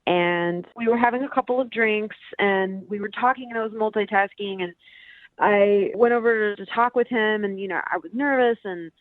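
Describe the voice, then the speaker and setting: A woman's voice: medium pitch, moderate pace, no room sound. A young woman calling in to a radio show, telling her story in a chatty, rambling way full of fillers. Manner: chatty, rambling with many "like" and "you know". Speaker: caller. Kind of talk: phone-in radio call. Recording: tinny phone line.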